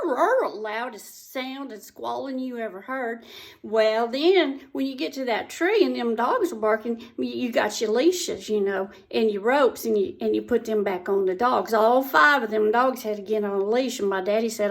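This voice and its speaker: A woman's voice: a little high, moderate pace. A woman telling a folksy comic story in a drawl, repeating words for effect.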